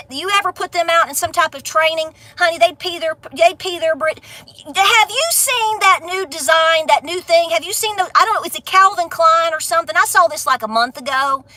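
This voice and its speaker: A woman's voice: very high voice, sharp tone, dry recording. Sassy Appalachian woman vlogger. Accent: Southern Appalachian. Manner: folksy, sassy, fired up. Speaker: homestead vlogger. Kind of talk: casual rant to camera.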